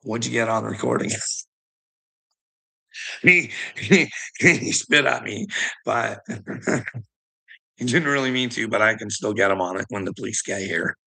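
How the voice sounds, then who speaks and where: A middle-aged man rants in a gravelly, tense voice, swearing freely and breaking into laughter. He taunts someone he calls "bud". His tone stays sharp and edgy. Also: on the low side, measured pace, long pauses. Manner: taunting, addresses the listener as bud. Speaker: vlogger. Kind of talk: profane ranting monologue.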